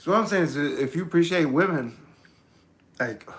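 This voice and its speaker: A man vlogging in a loose, meandering monologue, cursing freely and swinging from mumbles to shouts. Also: a little high, expressive, fairly quick, echoey room. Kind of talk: rambling casual monologue.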